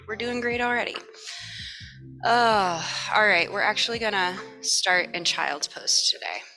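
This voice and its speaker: A woman teaching a morning yoga class, chatting casually and then giving calm, relaxed breathing cues. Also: mid-range voice. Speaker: yoga instructor.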